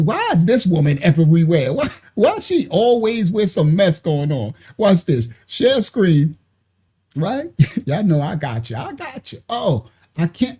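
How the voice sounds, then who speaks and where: Reaction streamer, lively delivery with a soft husky tone, mocking and laughing between half-finished sentences. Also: medium pitch. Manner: mocking, laughs often, trails off and restarts. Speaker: commentator. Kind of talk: livestream reaction commentary.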